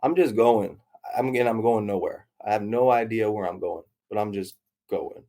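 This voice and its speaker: A man tells his story candidly, doubling back on himself and acting out the voices of the people in it. His voice sits on the low side, with a mellow, relaxed tone. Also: moderate pace. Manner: rambling, self-interrupting retelling with quoted dialogue. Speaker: interview guest.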